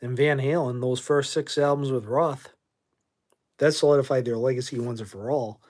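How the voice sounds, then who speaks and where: A man's voice: medium pitch, fairly even intonation, normal speed, darkish tone. A man hosting a late-night livestream about classic rock, sleepy and yawning, rambling bluntly with some swearing. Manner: drowsy, rambling, blunt and profane. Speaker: livestream host.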